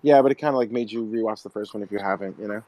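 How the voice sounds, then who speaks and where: A man chatting as a podcast guest, animated and laughing, swearing freely. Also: lowish voice, rapid-fire. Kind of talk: casual podcast chat.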